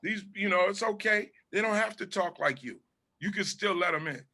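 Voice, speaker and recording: Comedian guy from socal, bright voice, animated storytelling, swears a lot. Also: sits high, normal speed. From Southern California. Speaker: guest comedian. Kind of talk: casual interview chat.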